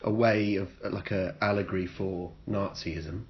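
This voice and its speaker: A man co-hosting a casual podcast chat, wry and dry, often breaking off and restarting sentences. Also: fairly even intonation. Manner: wry, dry joking, talks in halting restarts. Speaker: podcast co-host. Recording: muffled low-fi sound with some noise.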